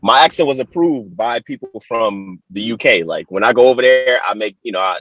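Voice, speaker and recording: A man's voice: medium pitch, animated, fairly quick, a bit bright, low-quality recording. A young man from Haiti with an American accent, a sports guest telling stories in a casual podcast chat, laughing often and restarting his sentences. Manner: chatty storytelling with frequent laughs and restarts. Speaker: Olympic hurdler, guest.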